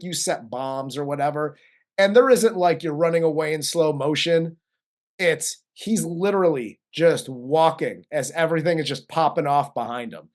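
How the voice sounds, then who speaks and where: Laid-back, profane man recapping a film. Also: fairly high pitch. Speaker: co-host of a movie review show. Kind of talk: casual review chat, recapping plot.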